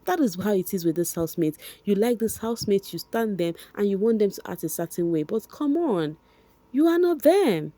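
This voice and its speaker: A woman's voice: mid-range voice, expressive, a little fast, few pauses, dark tone, no echo. A young woman with a Nigerian accent, chatting directly to her viewers in a casual gossip commentary, repeating points for emphasis. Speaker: vlogger.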